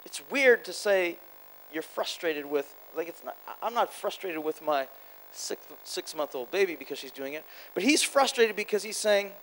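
A man preaching a sermon at a church conference, animated, swinging between loud exclamations and quiet asides, quick and repeating himself. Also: high-pitched, a little hiss or hum, poor audio. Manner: quick, with repeated words and restarts. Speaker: guest preacher.

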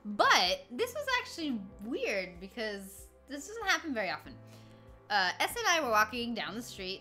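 A woman's voice: fairly high pitch, wildly swooping pitch, moderate pace, pushed and bright, soft background music. A woman in her twenties chatting casually with her stream viewers, rambling through stories, laughing often and greeting chat along the way. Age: 20s. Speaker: livestreamer.

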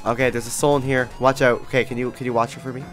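A man chatting casually while playing a horror game with friends, excitable and jokey, calling out to the others. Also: medium pitch, racing, faint music behind. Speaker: gamer. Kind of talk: casual gaming chat.

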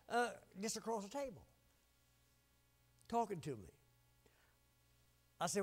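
An older man preaching a fiery revival sermon, swinging from shouts down to quiet, low asides. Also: very animated, brisk, creaky, pauses often, slightly rough.

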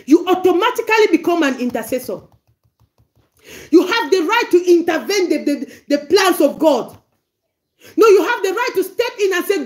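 A woman's voice: extremely high pitch, animated, moderate pace. A woman pastor with a Cameroonian accent, preaching and praying fervently, pleading and often laughing as she prays. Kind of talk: livestream preaching and prayer.

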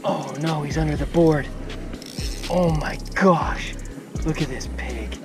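An excited man out on the water calls out his catch live, breathless and repeating himself. He speaks slowly, with no rush between words. Loud music plays over his voice. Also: a little high. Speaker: angler filming his catch. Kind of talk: excited live commentary while fishing. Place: outdoors on a reservoir.

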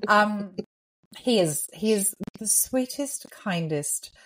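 A woman co-hosting a podcast in casual, animated chat, laughing often. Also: mid-range voice, slow pace, rough recording. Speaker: podcast co-host, medium.

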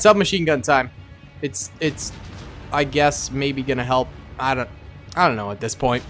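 A young man giving excitable let's-play commentary, yelping and laughing often. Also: a little high. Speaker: gaming YouTuber.

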